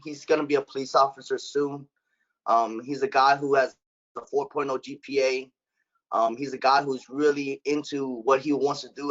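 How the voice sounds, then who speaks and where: A man running a sales team meeting over a call, blunt and casual, swearing now and then. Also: medium pitch. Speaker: sales manager. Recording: dull lo-fi call audio.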